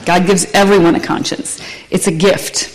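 A woman reading the part of a kind, patient mother who gently explains things to her daughter in a storybook read aloud. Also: fairly low pitch, steady tone, moderate pace, lightly acted, poor audio. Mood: explaining.

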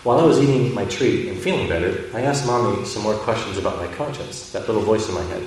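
A man's voice: on the low side, fast, few pauses, a little mellow, slight background noise. A man teaching and reading a children's book aloud, speaking in a friendly, plain way. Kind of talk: read-aloud storytelling. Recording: echoey room from a distant mic.

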